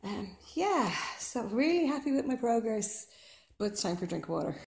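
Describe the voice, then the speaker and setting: A woman's voice: fairly high pitch, big pitch swings, gravelly, a little mellow. Woman vlogging from her garden, slightly breathless, chatty with lots of ums, roomy echo on the audio. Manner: chatty and unhurried, with many ums. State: slightly out of breath from physical work. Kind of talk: casual chat to camera while working. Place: outdoors in a garden.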